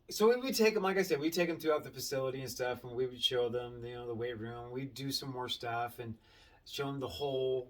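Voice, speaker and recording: A man's voice: on the high side, distant mic. A middle-aged man telling casual stories about his time inside, acting out the voices of the people in them and swearing now and then. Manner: animated, acts out quotes, swears casually. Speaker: former inmate sharing his story. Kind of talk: casual storytelling monologue.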